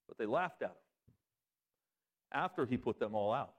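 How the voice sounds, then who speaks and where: A man preaching a sermon as pastor, talking directly to his congregation. He swings his voice up high for emphasis and drops it low for serious points. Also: animated, moderate pace.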